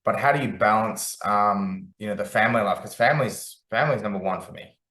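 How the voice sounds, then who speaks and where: A man in his forties hosts a relaxed podcast chat and asks questions in an easygoing way. His voice sits slightly low. The room around him is roomy and echoey. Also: a little fast. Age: 40s. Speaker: podcast host. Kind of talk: casual interview chat.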